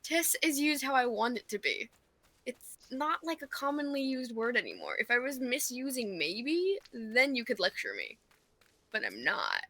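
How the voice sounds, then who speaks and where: High, bright, teasing woman cracking jokes. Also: huge pitch swings, normal speed. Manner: teasing, swears freely. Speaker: co-host, streamer's spouse. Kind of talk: casual banter.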